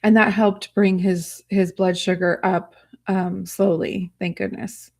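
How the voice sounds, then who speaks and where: Soft-spoken rambling woman livestreamer. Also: mid-range voice, steady tone, takes it slowly. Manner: soft, rambling, emotional, with frequent fillers. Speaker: livestream host. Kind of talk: casual livestream chat.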